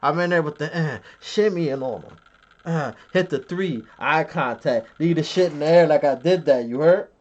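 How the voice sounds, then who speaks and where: A man's voice: fairly high pitch, normal speed, lo-fi sound. A man on a live stream, reading his chat aloud and bragging in a crude, joking way.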